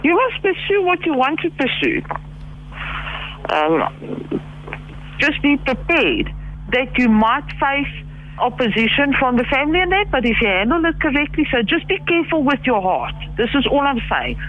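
A flustered woman in her fifties on a muffled phone line, her high voice swooping up and down as she exclaims. She talks bluntly, with a little hiss on the line. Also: big pitch swings, moderate pace. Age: 50s. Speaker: prank call target, mother. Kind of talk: phone conversation. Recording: dull phone line with faint noise.

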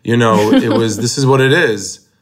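Male comic guest, casual and halting, mid-range voice. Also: medium pitch. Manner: hesitant starts, repeated words. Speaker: guest comedian. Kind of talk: casual interview talk.

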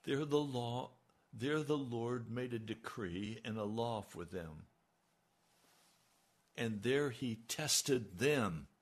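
A man preaching a sermon, slow and emphatic, his voice rising on key lines. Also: mid-range voice. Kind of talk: radio sermon.

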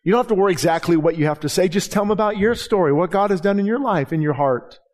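A fast-talking, middle-aged pastor with a high-sitting, darkish voice preaches in a conversational way and acts out the dialogue in the anecdotes he shares.

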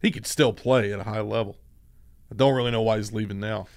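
A man co-hosting a morning show, giving steady, opinionated sports talk. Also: on the low side, fairly quick, dry recording, studio quality. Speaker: radio co-host.

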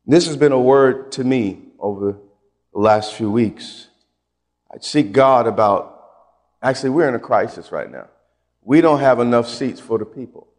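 A man preaching a sermon as pastor, emphatic and folksy, repeating phrases and swinging between loud and quiet. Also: medium pitch, moderate pace, in a large hall.

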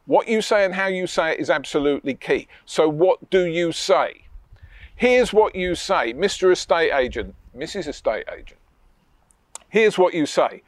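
A man coaching property investors in an energetic training talk. He is emphatic, repeats key points and often tags on questions. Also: sits high, no echo, clean studio sound. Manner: emphatic and repetitive, with tag questions.

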